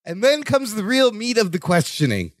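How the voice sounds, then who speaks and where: High, lively man joking through a recap. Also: moderate pace, dry recording, clean studio sound. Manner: playful, jokey interjections. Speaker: podcast co-host. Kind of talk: casual recap chat.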